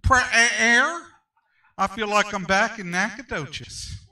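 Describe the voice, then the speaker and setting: A man's voice: on the high side, animated, moderate pace, bright, forceful tone, far from the mic, rough recording. A male pastor teaching a Sunday school class, emphatic and repetitive, often asking for an amen. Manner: emphatic, repeats phrases, calls for amens.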